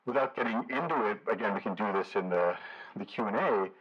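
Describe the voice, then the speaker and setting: A man with a low, husky voice gives a public lecture, talking in a loose, conversational way with many "you know"s and small hesitations. The sound is dull and lo-fi, like an older video recording. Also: animated, a little fast. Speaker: guest lecturer, professor. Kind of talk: public lecture to a community audience.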